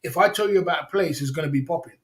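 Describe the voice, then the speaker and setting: A man rambles through a casual livestream story, full of slang and restarts. His voice sits a little higher than most men's. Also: very fast. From England. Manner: rambling, repeats himself, slangy, laughs often. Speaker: livestream host.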